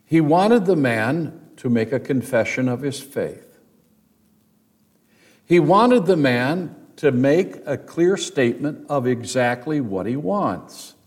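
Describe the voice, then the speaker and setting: A man's voice: medium pitch, lively intonation, takes it slowly. A man preaching a sermon as pastor, speaking earnestly to his congregation, telling stories and building to emphatic peaks. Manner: addresses the congregation directly, with storytelling asides.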